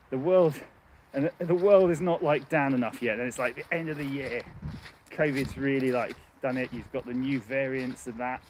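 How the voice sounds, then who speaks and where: A man's voice: mid-range voice, a little hiss or hum. A man livestreaming casually on a handheld phone while walking outdoors along a muddy path, rambling and chatty, laughing often. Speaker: livestream host. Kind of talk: casual live chat.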